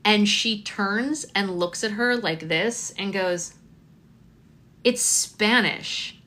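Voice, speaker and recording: A woman in her thirties runs a slime shop and hosts a slime live stream, chatting casually and telling stories with lots of ums. She speaks slowly in a medium-pitched voice that sounds pushed and bright.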